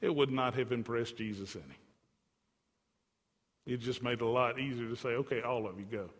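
A man preaching a sermon as a pastor, animated, swinging his pitch and loudness up and down, with asides to the congregation. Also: moderate pace. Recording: long hall reverb.

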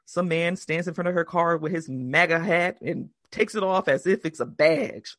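Woman cohosting a podcast, loud swearing storyteller, dry close sound. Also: lowish voice, moderate pace, few pauses, no echo. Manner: profane, animated storytelling with put-on quotes. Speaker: podcast co-host. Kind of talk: casual chat.

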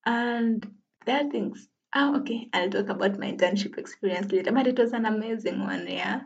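A woman's voice: fairly high pitch, normal speed, creaky, dull audio. A woman in her twenties hosting her own podcast in casual solo chat, laughing often and poking fun at herself. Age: 20s. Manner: chatty, laughs often, self-deprecating. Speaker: podcast host.

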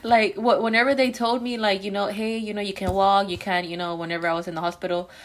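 A woman's voice: mid-range voice, flat delivery, fast talker. A woman guest talking in a candid, rambling way, full of filler words, in a casual podcast conversation.

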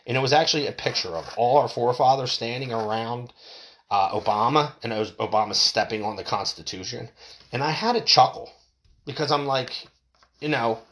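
A man's voice: medium pitch, a bit bright. Middle-aged man, ranting solo podcaster, swears freely, voice swings up and down a lot. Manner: profane, heated, exasperated. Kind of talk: ranting monologue. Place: home room, window open. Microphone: desk mic.

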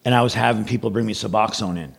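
A man's voice: lowish voice, very fast, gravelly, slightly rough. A man guest on a podcast, telling a long story in a rambling, casual way, acting out what people said and swearing freely.

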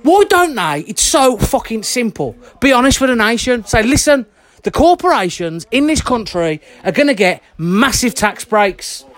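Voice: medium pitch, sing-song, normal speed, dry recording. A vlogger delivering an angry monologue rant, blunt and heated, swearing constantly and sweating. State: worked up and sweating.

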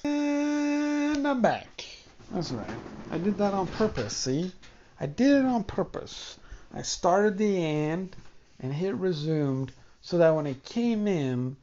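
The host of this solo podcast is a man whose pitch runs fairly high and whose tone is darkish. He sounds congested, and the audio is muffled. He wanders from point to point, addressing his audience directly with dry, self-deprecating humor.

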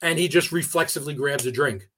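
Man, podcast guest, higher pitch, halting, lots of fillers, conversational storytelling. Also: sharp tone, a little hiss or hum. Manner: halting, many restarts and fillers. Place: New York area.

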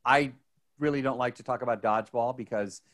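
A man co-hosts a casual podcast, his voice at a middle pitch. He rambles and restarts often. His excitement runs through the chat. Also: brisk. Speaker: podcast co-host.

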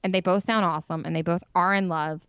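A woman's voice: lowish voice, steady tone, quick pace, fairly bright tone, smooth, muffled recording. A woman co-hosting a podcast, chatting casually and frankly about a TV show, with lots of "like". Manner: frank, opinionated, heavy use of "like". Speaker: podcast co-host. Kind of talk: casual chat reviewing a TV show.

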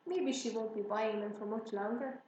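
A woman's voice: fairly high pitch, normal speed, darkish tone, roomy sound, muffled recording, slight background noise, natural voice. A woman reading as a dry, teasing farmer father. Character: gruff good-natured farmer father.

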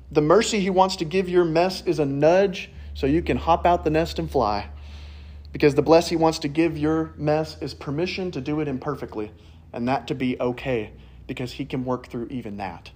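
A man's voice: a little high, a little mellow. Conversational male preacher, storytelling. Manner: conversational storytelling, acts out quoted voices. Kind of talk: sermon.

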